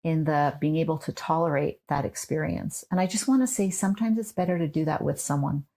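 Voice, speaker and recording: A middle-aged woman, a trauma therapist, speaking slowly and explaining things in a measured way. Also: low voice, vocal fry, mellow. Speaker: neuropsychologist and trauma therapist guest. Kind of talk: interview conversation.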